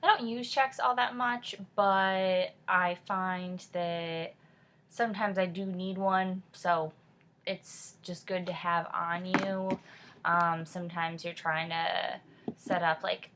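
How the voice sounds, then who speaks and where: A California vlogger in her twenties chats casually with plenty of fillers, her Californian accent carrying a hint of New England. She speaks slowly in a fairly low, somewhat bright voice with fairly even intonation, over slight hiss or hum.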